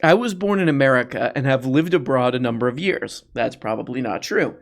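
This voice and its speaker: Brief: male reaction host, sarcastic and mocking, mid pitch, fake amazement. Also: lively intonation, a little fast, creaky. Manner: mocking, mock-awed asides. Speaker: commentary host.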